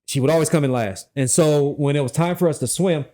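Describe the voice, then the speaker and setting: A man telling a funny personal story in a casual chat, animated, laughing often and swearing freely. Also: a little high, brisk. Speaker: guest, former Secret Service officer.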